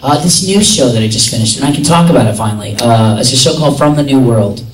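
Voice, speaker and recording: A man's voice: mid-range voice, animated, fast, recorded from a distance. A man answering audience questions at a convention panel, rambling and chatty, with lots of filler words. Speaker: convention guest voice actor. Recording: echoey hall, recorded from afar.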